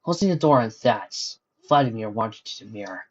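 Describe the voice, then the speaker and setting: A man narrating a fan-fiction story in a steady storytelling manner, on a dull lo-fi recording. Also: fairly low pitch, fairly quick, slightly rough.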